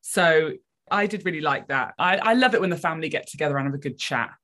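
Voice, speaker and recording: A woman co-hosting a casual podcast discussion of a TV episode, giving expressive, opinionated reactions. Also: sits low, fast talker. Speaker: podcast co-host.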